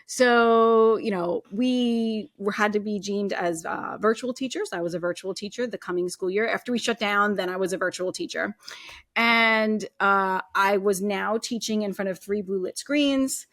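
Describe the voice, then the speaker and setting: A woman's voice: mid-range voice, normal speed, a bit bright, no room sound. Chatty woman telling her story. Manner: chatty, lots of "like" and "you know". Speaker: podcast guest. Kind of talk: casual personal story.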